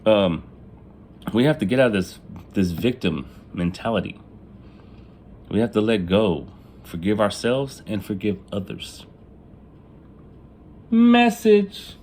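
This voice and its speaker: Casting note: man with a lowish voice, candid confessional vlog storytelling, faint room ambience behind. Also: measured pace, long pauses, darkish tone, slight background noise. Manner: casual, profane, laughs at his own jokes; acts out family members in quoted lines. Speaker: vlogger telling his life story. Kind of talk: casual storytelling.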